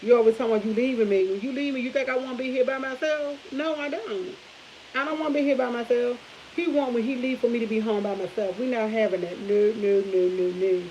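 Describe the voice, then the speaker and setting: A woman's voice: fairly high pitch, steady tone, fast talker, warm tone. A woman, telling stories to her viewers in a rambling, chatty way with frequent laughs and restarts. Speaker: vlog host. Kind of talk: casual storytelling chat to viewers. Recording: dull lo-fi audio with faint hiss.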